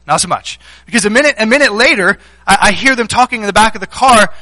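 A male pastor delivers a sermon, telling stories and posing questions straight to the congregation. His voice sits high for a man and has a bright, forward ring. The sound is close and dry. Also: expressive, quick pace, few pauses, no room sound, rough recording. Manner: conversational storytelling with rhetorical questions.

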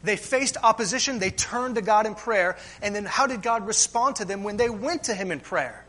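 A pastor delivers a sermon in a high voice. His tone is bright and ringing, and he leans on rhetorical questions, checking in with "right?" and addressing the listeners as friends. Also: lively intonation, normal speed.

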